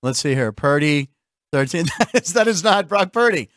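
High-voiced jokey male sports host. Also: expressive, moderate pace, a bit bright, no echo, clean studio sound. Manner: chatty, jokey, laughs often. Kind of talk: casual sports show banter.

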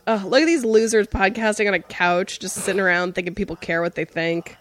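A woman's voice: mid-range voice, fairly quick, lightly acted. A woman voicing a snarky house cat. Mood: sneering. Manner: sneering, dismissive. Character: snarky male house cat mocking podcasters.

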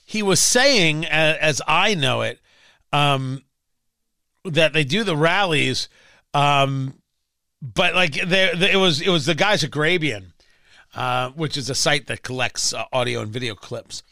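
A man's voice: a little high, measured pace, bright, forceful tone, no echo, clean studio sound. A man hosting political talk radio, emphatic and sarcastic, sometimes mocking other voices. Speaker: radio talk show host.

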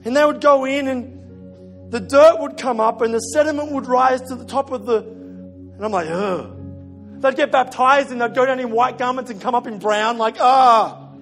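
A man's voice: very high voice, fairly even intonation, normal speed, fairly bright tone, soft background music. A middle-aged man, a pastor, preaching a sermon in a conversational, storytelling way, often repeating a word while he searches for the next. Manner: conversational storytelling, self-deprecating, repeats words when searching.

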